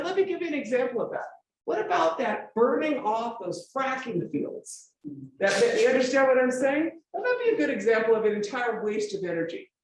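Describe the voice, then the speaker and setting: A forum speaker giving an informal public lecture with slides, emphatic and full of rhetorical questions, often checking that listeners follow. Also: mid-range voice. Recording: very echoey room, voice far from mic, faint ambience.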